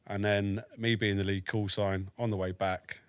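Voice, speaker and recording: British ex-soldier around forty, blunt and dry-humoured, lowish voice, close dry studio sound. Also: male voice, level tone, moderate pace, clean tone, no echo. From United Kingdom. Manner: frank and matter-of-fact, swears, dry humour. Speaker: army veteran guest. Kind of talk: casual storytelling in a podcast interview.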